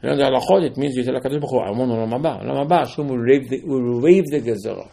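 A man teaching a Torah class, telling the stories with lively acted-out dialogue and sudden swings between loud outbursts and quiet asides. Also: mid-range voice, very fast, gravelly.

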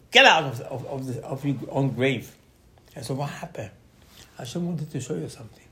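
A middle-aged man giving an animated Torah sermon, acting out quotes with sudden loud bursts. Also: medium pitch, a little hiss or hum. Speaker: rabbi.

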